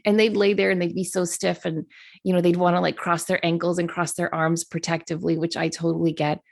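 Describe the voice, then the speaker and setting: A woman's voice: lowish voice, flat delivery, fairly quick, vocal fry. A woman co-hosting a podcast who asks curious questions and tells stories from her own practice. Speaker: podcast co-host. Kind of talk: casual spiritual chat.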